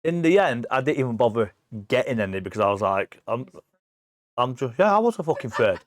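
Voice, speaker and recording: Sweary animated English man in his forties. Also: medium pitch, fairly quick, dry recording, studio quality. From England. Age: 40s. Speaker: podcast guest. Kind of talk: casual chat.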